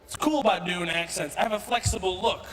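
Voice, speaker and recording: High, bright-voiced man doing stand-up. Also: slight background noise, poor audio. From Kuwait. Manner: animated, quick switches into character voices. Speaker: stand-up comedian. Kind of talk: stand-up comedy set. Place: event hall with live audience.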